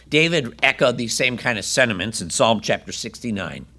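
Male preacher, bright forceful tone, reads scripture then chats with the congregation. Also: medium pitch, animated, moderate pace, few pauses. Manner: conversational asides to listeners. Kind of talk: sermon with Bible reading.

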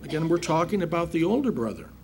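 Guy reading scripture and explaining it line by line, gravelly voice, lots of pitch swings. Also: very animated, fast talker, darkish tone, a little hiss or hum. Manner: reads scripture then paraphrases it plainly; emphatic, rhetorical questions. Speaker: preacher. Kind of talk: Bible teaching, reading and explaining verses.

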